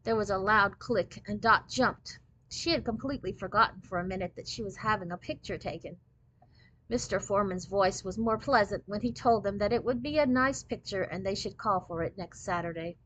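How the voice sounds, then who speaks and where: A woman reading a children's book aloud in clear, steady storybook narration. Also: mid-range voice, fairly quick, poor audio.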